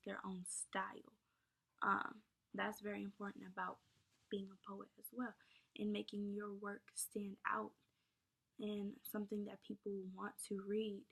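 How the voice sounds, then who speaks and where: A woman's voice: mid-range voice, creaky. A young woman explaining poetry terms in an informal lesson, casual and chatty with many fillers. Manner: casual, many ums and likes, addresses viewers as y'all. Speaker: teacher.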